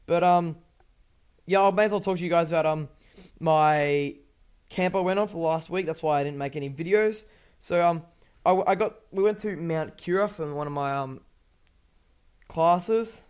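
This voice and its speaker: A man's voice: fairly high pitch, moderate pace, pauses often, a little mellow, clean tone, dull audio. A teenage boy with an Australian accent, rambling casually over gameplay with lots of ums, restarts and swearing. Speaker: gaming YouTuber.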